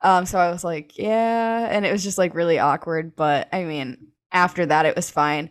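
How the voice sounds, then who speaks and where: A woman's voice: lowish voice, moderate pace, clear, resonant tone. A young woman telling a personal story as an interview guest, chatty and full of fillers, laughing often.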